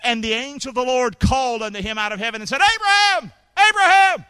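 A man's voice: very high voice, quick pace, clear, resonant tone, no room sound. A man preaching a sermon in a folksy, colloquial way, calling on his congregation to answer back. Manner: animated, calls for congregation response. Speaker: pastor.

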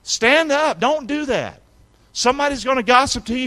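A man preaching a sermon as a pastor, with emphatic call-and-response and sudden shouted lines for emphasis. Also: extremely high pitch, lively intonation, moderate pace. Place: church sanctuary.

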